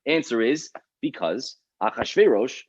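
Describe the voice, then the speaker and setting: A man's voice: mid-range voice, expressive, unhurried, slight background noise. A man, a rabbi, teaching a class on the text in a dramatic way, explaining and then acting out the story. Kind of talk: animated Torah class. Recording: muffled lo-fi recording.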